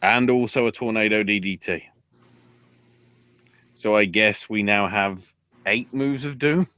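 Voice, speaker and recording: A man hosting a wrestling podcast, talking casually with sarcasm and swearing, and acting out quotes in loud bursts. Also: fairly low pitch, measured pace, clean tone, dry recording.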